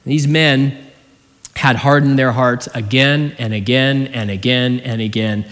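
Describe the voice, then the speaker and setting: A man preaching an expository sermon as a pastor, earnest and full of rhetorical questions, his voice often dropping low at the ends of phrases. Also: steady tone, unhurried, fairly bright tone. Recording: long hall reverb.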